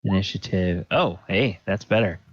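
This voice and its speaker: A man narrating as dungeon master of a tabletop game, slow and halting with plenty of fillers, over a home computer mic in an online session. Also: low-pitched, no echo. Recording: dull, dry lo-fi audio.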